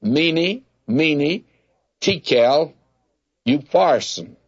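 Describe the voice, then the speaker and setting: A man's voice: fairly high pitch, lively intonation, drawn-out words, breathy edge, muffled recording. A man teaching a Bible sermon in a folksy, plainspoken way, calling his listeners friends and telling homespun stories. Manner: folksy, tells homespun anecdotes.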